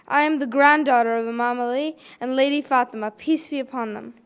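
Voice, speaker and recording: A woman's voice: sits high, moderate pace, clear, resonant tone. A woman voicing a grieving little orphan girl. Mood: grieving lament. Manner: lamenting, repeated plaintive calls. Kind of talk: recited elegy poem.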